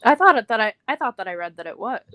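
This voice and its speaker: A woman's voice: on the high side, sing-song, fast talker, bright, forceful tone. A woman speaking as a guest in a casual conversation, hesitant and full of fillers.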